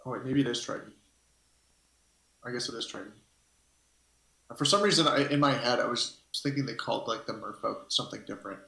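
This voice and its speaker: Gravelly-voiced male game master, rambling. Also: medium pitch, brisk, pauses often, pushed and bright. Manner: rambling, hesitant, thinks aloud. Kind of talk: narrating a tabletop game on a live stream. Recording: echoey room.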